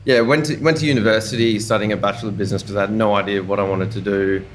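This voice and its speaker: A young man with an Australian accent talks through his story as a chef in a casual interview. His voice sits fairly low. He rambles comfortably, full of "yeah, nah" and little fillers. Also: racing, a little hiss or hum. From Brisbane, Australia. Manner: easygoing and chatty, with relaxed slang and frequent fillers. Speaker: chef and podcast guest.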